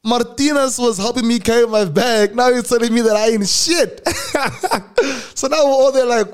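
A young man with a South African accent telling a story casually on his podcast, acting out other people's lines in a slangy, animated way. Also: very high voice, normal speed, clean tone.

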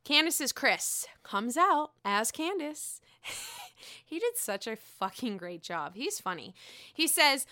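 Woman, casual recap vlogger, gossipy and profane, smooth clear voice. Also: high voice, very animated, unhurried, pushed and bright. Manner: gossipy, swears freely, laughs often, mimics people.

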